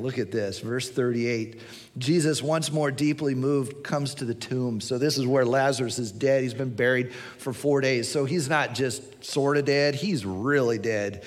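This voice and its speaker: A man preaching a sermon, retelling a story with expressive swings from hushed to excited. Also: mid-range voice. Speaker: pastor. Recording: long reverb.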